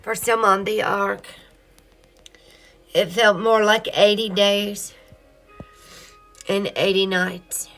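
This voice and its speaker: A woman speaking at home in an earnest, heartfelt spiritual monologue, now and then drifting into soft singing. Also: mid-range voice, little pitch movement, slow pace, long pauses, faint music behind. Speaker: vlogger sharing grief healing. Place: home, in her child's room.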